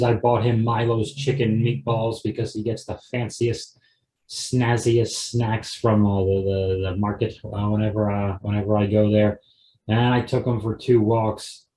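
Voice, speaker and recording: A young adult man with a lowish, darkish voice hosts a comedy podcast solo, with slight background noise and roomy echo. His casual monologue rambles and digresses, full of restarts, wry and offhand.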